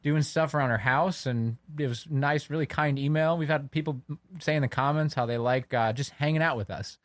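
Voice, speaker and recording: A man's voice: fairly high pitch, brisk, no echo. A man hosting a casual podcast, talking in a rambling, easygoing way and laughing often. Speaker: podcast host. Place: studio space.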